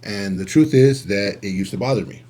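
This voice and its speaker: A man with a fairly low voice talks loosely about love on a podcast. He circles back to the same points, leaning on "you know" and repeating phrases as he lectures his co-host. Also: brisk, warm tone. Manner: repeats himself, many fillers, preachy. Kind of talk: casual relationship talk.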